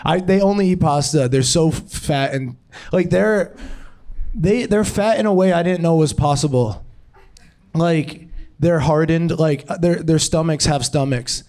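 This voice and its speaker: Giggly young comedian riffing, fairly high voice. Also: male voice, unhurried, darkish tone. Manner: rambling, giggling at his own jokes. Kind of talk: improvised stand-up. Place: comedy club stage.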